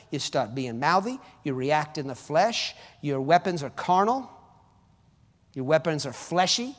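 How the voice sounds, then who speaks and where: A man preaching a sermon as pastor, his force rising and falling sharply between fervent cries and quiet asides. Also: fairly high pitch, very animated, unhurried, long reverb tail. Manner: preaching with sudden rises and drops in force.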